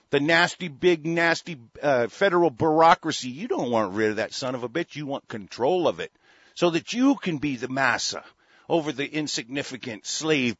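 A man's voice: medium pitch, no room sound. Guy ranting on his show, cussing a lot, keeps restarting, kinda muffled dry audio. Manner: profane, heated, many restarts. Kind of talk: angry political rant. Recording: dull lo-fi dry recording.

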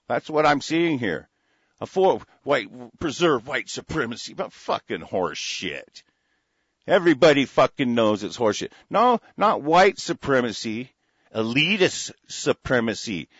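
A man's voice: on the high side, expressive, unhurried, a bit bright, no room sound, lo-fi sound. Angry profane man ranting. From United States. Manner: angry, profane, repetitive with frequent restarts. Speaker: political commentator. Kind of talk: ranting monologue to an audience.

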